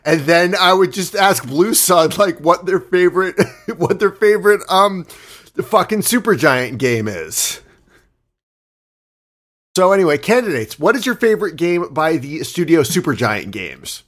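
A man on a comedy podcast who riffs loosely, swears freely and fills his talk with "like" and "you know." His voice is a bit high and very animated in pitch. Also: a little slow. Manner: profane, loose, riffing with fillers. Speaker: podcast co-host acting as debate moderator. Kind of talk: casual comedy chat.

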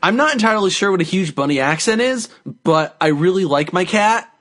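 A man's voice: high-pitched, lively intonation, a little fast, a bit bright. A man making laid-back, wry asides in a casual comedy podcast chat.

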